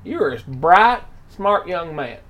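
A man playing a fawning, flattering middle-aged man in an improvised role-play, using a put-on, unplaceable accent. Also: on the high side, slow, voice pushed down, heavily acted. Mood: encouraging. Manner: flattering, gushing.

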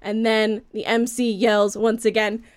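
Slow, relaxed woman game master. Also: fairly high pitch, clean tone, dry recording. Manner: relaxed storytelling with fillers. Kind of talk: narrating a tabletop game.

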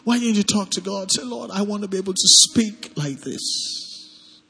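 A man with a Nigerian accent preaches and leads prayer in a church service hall, animatedly calling on the congregation to respond. His voice is high with some vocal fry, and he keeps a moderate pace. The recording carries a long hall reverb with faint music in the background.

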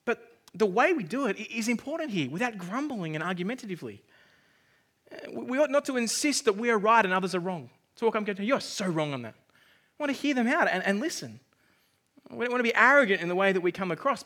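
Bright-voiced male preacher. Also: high voice. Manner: conversational, self-deprecating preaching with acted asides. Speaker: pastor. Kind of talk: sermon.

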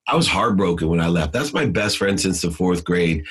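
A man's voice: sits low, lively intonation, normal speed, hardly any pauses, slightly rough, poor audio. A middle-aged man, a podcast guest, telling a personal story with emphasis, frequent fillers and restarts, and a voice that climbs when he relives key moments.

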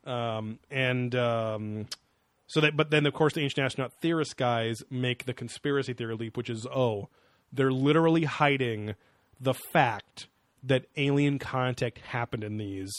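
A man's voice: medium pitch, measured pace, no echo. Man, podcast co-host, sarcastic, swears a lot, rambling, dry close recording. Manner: sarcastic and profane, with many fillers. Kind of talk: casual chat reviewing a TV show.

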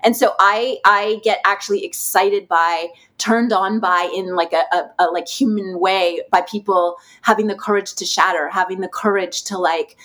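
A woman who is a guest on a podcast, talking about healing work in an animated, expressive and playful way and acting out quotes. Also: medium pitch, moderate pace, hardly any pauses. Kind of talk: casual conversational interview.

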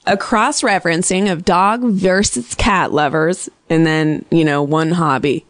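A woman hosting a call-in radio show, quick and jokey, saying she is a bit sick. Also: lowish voice, fairly even intonation, no room sound, clean studio sound. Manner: fast, bubbly and joking, with frequent laughs. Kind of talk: casual call-in chat.

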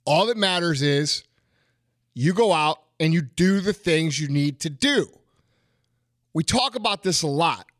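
Man, podcast host, high-pitched, dry close sound, swearing, emphatic motivational rant. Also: animated, unhurried, pauses often, fairly bright tone, dry recording. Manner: blunt, emphatic, swearing, repeats phrases.

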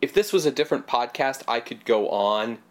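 Animated, rambling male podcast co-host. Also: medium pitch, fairly quick. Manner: rambling, animated, swears casually. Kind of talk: casual film discussion.

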